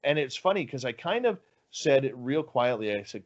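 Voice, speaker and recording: A man telling a story on a podcast in an animated way, dropping low and quiet for suspense. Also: a little fast, few pauses. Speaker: guest radio host. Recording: dull lo-fi audio.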